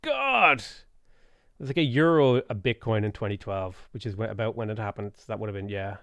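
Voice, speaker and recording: Fairly low-pitched and fast, this Irish man in his late twenties speaks with a Dublin accent while streaming a game. With no room sound in the recording, he rambles casually, reads out chat messages, and muses about his in-game choices.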